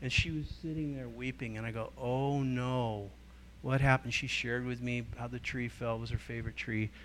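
There's a little hiss or hum behind a middle-aged man speaking at normal speed in a medium pitch. He's a guest teacher at a church gathering, telling vivid stories, voicing the people he quotes, and shifting his delivery as he goes.

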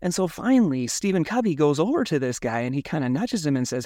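A man co-hosting a podcast in casual chat, telling stories with lively acted-out asides. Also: a little high, fast, hardly any pauses, no room sound, studio quality. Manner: animated storyteller, acts out his own thoughts. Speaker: podcast co-host.

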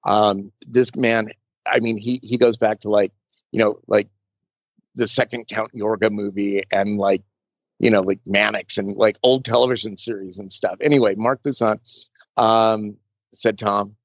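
A makeup artist being interviewed, telling stories in a chatty, rambling way with lots of fillers and restarts. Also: male voice, fairly low pitch, steady tone, unhurried, dry recording. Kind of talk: casual storytelling interview. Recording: dull lo-fi dry sound.

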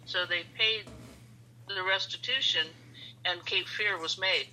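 A woman who is a podcast guest, telling lively anecdotes in conversation. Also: fairly low pitch, a little slow, crowd noise, poor audio.

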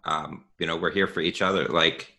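Male podcast host, very deep with a sharp bright tone; thoughtful, hesitant delivery. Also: fairly even intonation, normal speed. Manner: thoughtful, hesitant, with "um" and "you know". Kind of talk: casual conversation.

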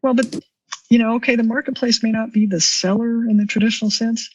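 A woman's voice: on the high side, fairly even intonation, a little fast. A woman guest on a podcast, explaining policy at length and in a thoughtful way. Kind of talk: explanatory interview talk. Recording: distant, slightly dull remote recording.

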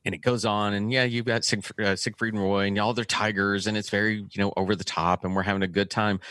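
Deep-voiced guy from texas, laid-back storyteller, dry close sound. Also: flat delivery, a little fast, bright, forceful tone, dry recording. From Texas, USA. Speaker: podcast co-host. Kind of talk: casual chat, storytelling.

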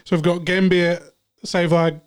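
A man's voice: high-pitched, flat delivery, a little slow, smooth. A man sharing a memory on a casual podcast, earnest and hesitant at the start of his sentences. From New Zealand. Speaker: podcast panelist. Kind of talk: casual chat.

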